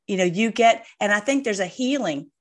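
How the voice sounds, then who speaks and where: A woman's voice: medium pitch, expressive. Woman talking faith, many restarts. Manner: halting, many fillers and restarts. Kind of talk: casual faith conversation.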